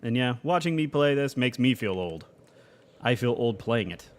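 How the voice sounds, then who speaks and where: A young man talking casually through a live game stream, greeting viewers and laughing easily. His pitch swings up and down a lot as he chats, in a mid-range voice. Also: animated, moderate pace. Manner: chatty, reads chat aloud, laughs often.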